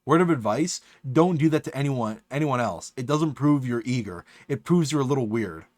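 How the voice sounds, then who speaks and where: A man's voice: mid-range voice, lively intonation, moderate pace, a little mellow, no room sound, lightly acted. A man reading as an annoyed message writer. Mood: scolding. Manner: reading a message aloud in a put-on voice.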